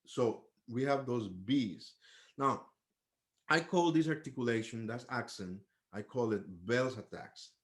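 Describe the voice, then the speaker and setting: A man's voice: medium pitch, a little slow. Man patiently teaching trumpet articulation. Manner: patient, explains step by step, sings syllables to demonstrate. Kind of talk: music lesson.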